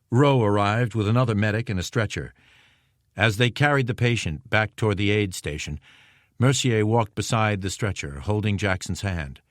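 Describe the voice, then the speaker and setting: A male audiobook narrator with a low voice reads scripted narration in a steady, measured way. The recording is dry, with clean studio sound.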